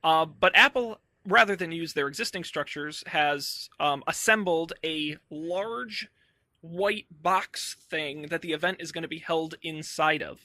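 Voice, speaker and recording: A man's voice: a little high, unhurried, sharp tone, no room sound. A man hosting a casual tech podcast, talking in an upbeat, chatty way with fillers into a close mic. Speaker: podcast host.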